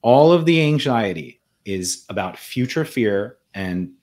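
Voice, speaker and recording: A man's voice: fairly low pitch, lively intonation, measured pace, darkish tone. A man guest in an interview, telling his own story in an earnest, reflective way, often restarting and repeating words. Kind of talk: conversational storytelling.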